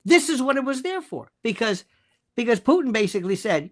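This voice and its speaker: A man's voice: extremely high pitch, big pitch swings, a little fast, a bit bright. A man from the United States speaking as a guest commentator, ranting emphatically and sarcastically, jumping from topic to topic. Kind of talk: animated political rant.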